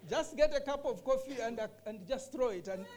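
A woman's voice: a little high, expressive, a little fast, mellow. A woman teaching scripture during a discussion, earnest and emphatic, often repeating her key phrases. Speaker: bible teacher.

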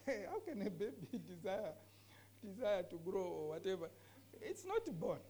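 Woman, scripture teacher in a discussion; earnest, emphatic, repeats points, lively pitch. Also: normal speed, slight background noise. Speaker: bible teacher.

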